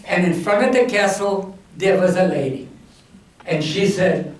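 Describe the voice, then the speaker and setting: A man telling a comic bedtime story, full of puns and drawn-out, jokey phrasing. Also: high-pitched, expressive. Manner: jokey, punning, slow and drawn-out. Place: community hall. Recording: echoey room, mic far off.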